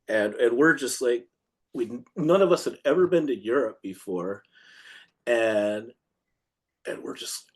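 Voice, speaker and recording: A man's voice: medium pitch, unhurried, long pauses. Male punk musician guest, loose rambling storyteller who acts out quotes. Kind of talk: casual storytelling interview.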